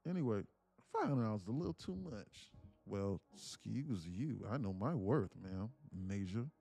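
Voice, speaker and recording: A man's voice: on the low side, very animated, brisk, mellow. Slangy man calling a live trading stream. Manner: loose slangy talk, sings and laughs between chart calls. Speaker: livestream trading mentor. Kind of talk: casual livestream commentary.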